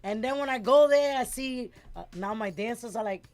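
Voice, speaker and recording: A middle-aged woman, telling a lively story as a guest in a casual interview and acting out the voices of the people in it. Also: fairly high pitch, normal speed. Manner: animated, acts out quoted voices, switches between English and Spanish words.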